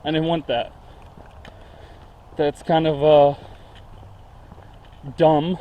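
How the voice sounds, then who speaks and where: A man's voice: on the high side, level tone, very slow, highs cut off. A man walking through woods and talking casually, out of breath, rambling with many fillers. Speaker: vlogger. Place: outdoors in woods.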